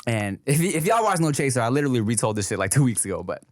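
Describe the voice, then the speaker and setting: Podcast host, male, animated, swoops around a lot, dry close sound, tells stories with accent bits. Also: medium pitch, racing, dry recording. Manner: animated storyteller who slips into accents. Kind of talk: casual podcast chat.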